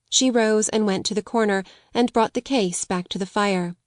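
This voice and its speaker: A woman narrating a classic children's audiobook in a measured, gentle reading. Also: mid-range voice, fairly even intonation, dry recording, clean studio sound. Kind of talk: scripted storybook narration.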